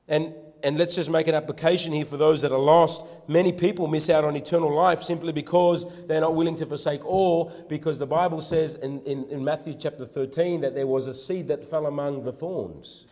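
A man preaching a sermon with rising fervor, often repeating words as he builds, then softening into quiet prayer. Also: a little high, normal speed, long reverb tail. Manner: preaches with swelling fervor, then drops to soft intimate prayer; repeats words and phrases when starting a line.

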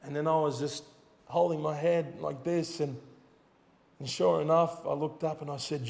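A man's voice: a little high, steady tone, normal speed, gravelly, darkish tone. A man preaching a sermon, telling a personal testimony in an earnest, storytelling way with rising emphasis. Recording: long hall reverb.

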